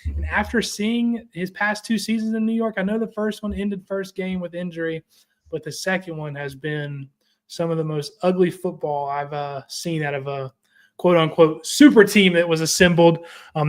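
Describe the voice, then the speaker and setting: A young man with a notably high voice talks football on a casual show. He rambles, restarts his sentences and spells out words for emphasis. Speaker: sports show co-host. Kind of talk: casual sports talk.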